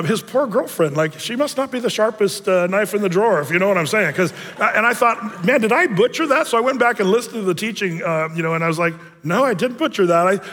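A man's voice: sits high, bright, forceful tone, long reverb tail. A male pastor giving a sermon in a church, telling stories casually with self-deprecating humor. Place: church sanctuary.

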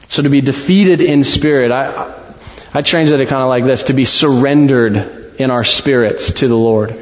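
A man preaching a sermon in a church, talking in a conversational, halting way with many restarts. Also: mid-range voice. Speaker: pastor. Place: church sanctuary. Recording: dull sound in a long-echo hall.

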